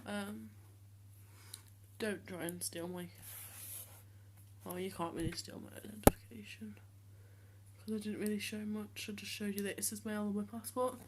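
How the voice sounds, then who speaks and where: A seventeen-year-old young man talking casually to the camera in a vlog, hesitant with many ums and restarts, speaking in a voice he has deliberately trained lower. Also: level tone, heavy background noise. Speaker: vlogger.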